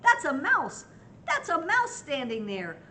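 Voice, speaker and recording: A grandma doing a sorry, sniffly storybook elephant. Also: female voice, fairly high pitch, big pitch swings, measured pace, fairly bright tone, a little hiss or hum. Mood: panicked. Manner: sorry, pleading, then giggling. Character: big apologetic male elephant.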